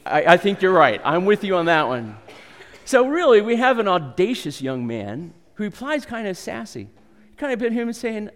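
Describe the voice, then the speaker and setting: A man's voice: high-pitched, very animated, normal speed, long reverb tail. A man preaching a sermon, reading scripture and then speaking earnestly, acting out quoted voices with rising intensity. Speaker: pastor.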